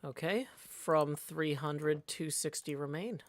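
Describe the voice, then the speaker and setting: A man's voice: on the high side, slow pace. A man casually chatting and calling his moves while streaming a card game, joking as he goes. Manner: playful, chatty, joking asides. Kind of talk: casual live-stream chat and play-by-play.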